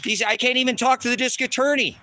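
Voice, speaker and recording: A man's voice: very high voice, fairly even intonation, quick pace, pushed and bright. A man ranting angrily on a live stream outdoors, swearing heavily and repeating himself, recorded on a handheld phone. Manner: heavy swearing, repetitive and agitated. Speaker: livestreamer. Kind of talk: angry live-stream rant.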